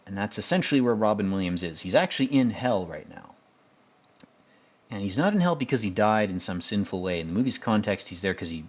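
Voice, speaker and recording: A man with a fairly low voice talking through a film in loose, off-the-cuff commentary. He rambles, restarts his sentences, and swears bluntly as he goes. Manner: rambling, blunt and profane, with many fillers. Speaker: podcast host. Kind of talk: casual movie commentary.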